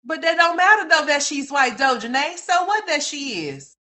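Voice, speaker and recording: A woman's voice: high-pitched, moderate pace. Bold, profane woman livestream host. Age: adult mother. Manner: loud, profane, animated, calls viewers "y'all" and "honey". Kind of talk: casual livestream commentary reacting to chat.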